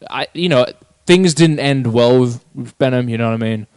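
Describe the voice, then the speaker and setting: A man's voice: mid-range voice, moderate pace, darkish tone, smooth, dry recording, studio quality. A man, a band member on a podcast, chatting casually with lots of fillers and the odd swear word.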